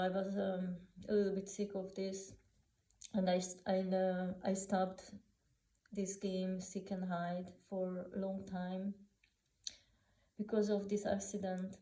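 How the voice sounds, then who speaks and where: A woman telling personal memories unscripted, halting with many restarts, fillers and non-native grammar. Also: mid-range voice, mellow, reverberant, rough recording. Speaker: author sharing personal memories.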